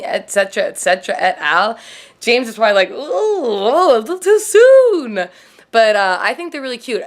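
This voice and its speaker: A woman's voice: mid-range voice, fairly bright tone. A woman hosting a casual TV recap vlog, rambling and swearing freely, with "like" in nearly every sentence. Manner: rambling, profane, heavy on "like". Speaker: show host.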